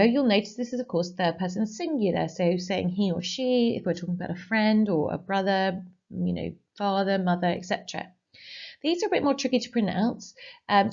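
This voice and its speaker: A woman teaching a recorded Spanish lesson, giving clear explanations and slowly modelling phrases for pupils to repeat. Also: medium pitch, a little mellow, muffled recording. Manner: slow, clearly modelled pronunciation for repetition. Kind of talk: recorded online language lesson.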